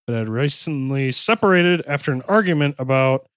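A man's voice: medium pitch, animated, fairly quick, very noisy. A man hosting a casual podcast, reading his notes aloud with jokes and self-corrections. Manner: joking, self-interrupting while reading. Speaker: podcast host.

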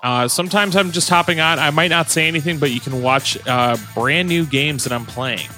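A man co-hosting a casual podcast, talking haltingly with many fillers as he plugs his work. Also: fairly high pitch, bright, forceful tone, soft background music. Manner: hesitant, lots of fillers. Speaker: podcast co-host.

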